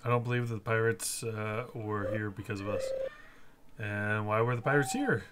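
A man's voice: lowish voice, moderate pace, very noisy. A man streaming a video game, chatting casually in rambling explanations full of fillers. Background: game music.

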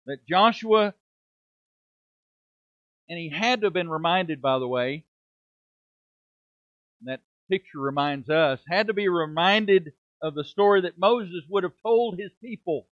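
Middle-aged male preacher, high pitch, emphatic sermon delivery, dull close recording. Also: a bit bright, dry recording. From United States. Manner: emphatic preaching with rhetorical questions and dramatic drops in volume. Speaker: preaching minister. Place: church sanctuary.

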